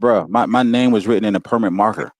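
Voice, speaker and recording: A man telling stories about his school days in a relaxed, casual way, often laughing and saying "you know what I'm saying". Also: lowish voice, fast. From Walterboro, South Carolina. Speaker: guest. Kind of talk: casual storytelling. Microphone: video call.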